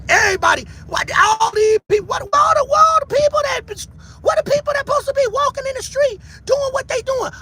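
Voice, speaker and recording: Man, very high and lively voice, gravelly, bright, shouting and taunting through a livestream rant. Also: a little hiss or hum. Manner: loud, shouting, taunting, catchphrase-heavy. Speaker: livestream commentator. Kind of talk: heated livestream commentary.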